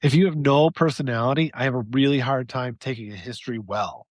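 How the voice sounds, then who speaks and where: A man co-hosting a podcast, grumbling about small talk and muttering low when he quotes himself. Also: fairly quick, no room sound. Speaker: podcast co-host. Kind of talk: casual chat.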